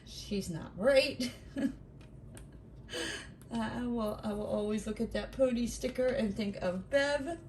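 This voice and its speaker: Chatty slow-talking woman vlogger. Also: fairly high pitch, a little mellow, slight background noise. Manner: chatty, teasing, exclaiming and laughing often. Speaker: craft vlogger. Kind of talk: casual chat while opening mail.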